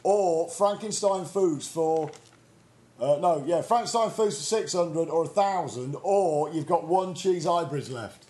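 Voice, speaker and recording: A man with a notably high voice hosts a silly mock quiz show. He reads clues in a playful, flustered way and teases the contestant. His tone is chatty, light and full of banter. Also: measured pace, a little mellow. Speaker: quizmaster.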